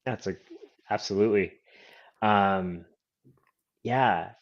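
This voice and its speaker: A man hosting a live interview over a video call, asking relaxed, slightly halting questions. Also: fairly low pitch, muffled recording. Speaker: interview host, coach.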